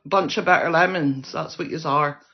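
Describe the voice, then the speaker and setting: A woman holds forth on a live stream, sharp-tongued and combative. She keeps repeating herself to drive each point home, heavy with sarcasm. Her voice comes through dull, lo-fi phone audio. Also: deep voice, moderate pace. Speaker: livestreamer. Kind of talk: ranting monologue on a live stream.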